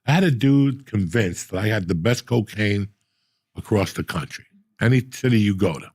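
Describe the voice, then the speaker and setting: A middle-aged man telling profane stories in a casual, animated way, acting out the people he quotes. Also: lowish voice, normal speed, husky, dry recording, clean studio sound. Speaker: podcast host. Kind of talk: casual storytelling.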